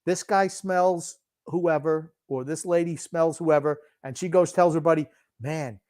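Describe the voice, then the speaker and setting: A retired older man co-hosting a sports podcast, gruff and insistent, repeating his points. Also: on the high side, steady tone, a little slow, a little mellow. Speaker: podcast co-host. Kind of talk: casual sports chat.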